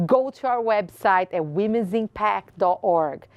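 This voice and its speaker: A woman's voice: mid-range voice, expressive, measured pace, no echo. Brazilian-accented woman giving a passionate speech. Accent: Brazilian Portuguese. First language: Portuguese. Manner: passionate, repeats phrases for emphasis. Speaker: host. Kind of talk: inspirational speech.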